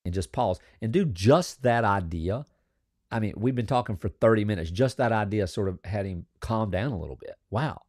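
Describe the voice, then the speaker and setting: A man speaks as a coaching guest, earnest and narrative, leaning on key phrases. His voice is lowish and sounds dry and close. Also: lively intonation, normal speed, darkish tone, no room sound. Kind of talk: casual interview talk.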